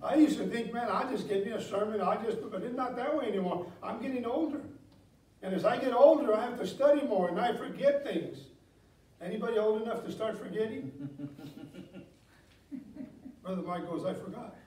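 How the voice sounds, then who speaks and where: A middle-aged man preaching in a church, his voice high for a man. He tells homely stories and drives his points home with emphasis. The sound is roomy and echoing, picked up from some distance away from the mic. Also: moderate pace, pauses often, darkish tone. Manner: folksy storytelling, builds to emphatic exhortation. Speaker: pastor. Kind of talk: sermon. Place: church sanctuary.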